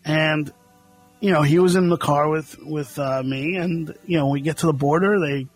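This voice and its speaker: A husky-voiced man with a slightly high pitch rambles through a story, leaning on fillers at every turn. Faint music sits under him. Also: normal speed, poor audio. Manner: filler-heavy, rambling, lots of "like". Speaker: podcast co-host. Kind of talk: casual storytelling chat.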